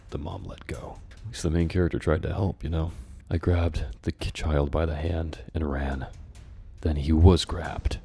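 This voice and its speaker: Deep, gravelly man with sarcastic asides. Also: dark tone. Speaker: channel host reading his childhood story. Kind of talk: dramatic reading with comic commentary. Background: faint background music.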